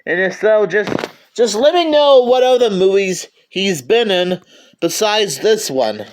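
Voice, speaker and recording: A man's voice: high voice, animated, measured pace. A man giving a casual movie review, stammering and often restarting his sentences.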